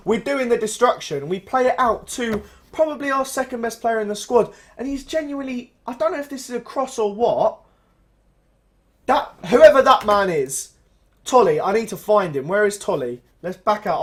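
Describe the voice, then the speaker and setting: A young man giving joking, exasperated let's play commentary on a football management game, with sudden excited jumps in his voice. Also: high-pitched. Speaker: gaming channel host.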